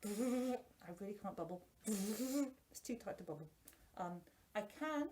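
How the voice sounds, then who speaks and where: A singing teacher chats through a face mask in a casual product review, her medium-pitched, darkish voice a little muffled and carrying a faint hiss or hum. She takes it slowly with lively intonation, restarting often and poking fun at herself.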